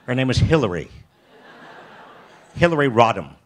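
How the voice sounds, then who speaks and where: This older American keynote speaker shares personal stories on a festival stage, rambling, restarting often and mocking himself wryly. His mid-range voice has big pitch swings, and he talks at a normal speed.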